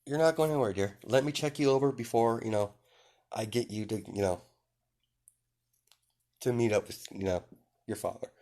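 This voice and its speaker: A man doing a composed, protective mother who keeps her voice soft and calls everyone "dear". It sits a little higher than his usual register but stays close to his own deep voice. She sounds calm and fierce at once. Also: normal speed, long pauses, close to an everyday voice. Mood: soothing. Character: cool-headed motherly woman, protective and fierce.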